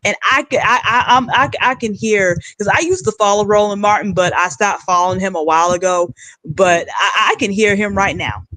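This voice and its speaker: A woman's voice: mid-range voice, normal speed, fairly bright tone, no echo, poor audio. Blunt, ranting woman livestream host. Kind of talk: political commentary livestream.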